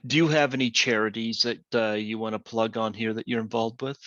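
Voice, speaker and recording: A man's voice: lowish voice, fairly even intonation, brisk, a bit bright, no echo, highs cut off. A man hosting a podcast interview, hesitant, with many ums and uhs. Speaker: podcast host. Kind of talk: casual interview talk.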